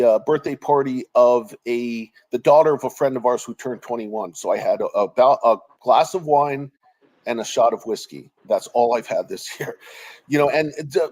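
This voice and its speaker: Over a remote call with poor audio, a man in his forties speaks as an interview guest in a medium-pitched, slightly mellow voice. He's earnest and openly emotional, often restarting sentences or letting phrases trail off.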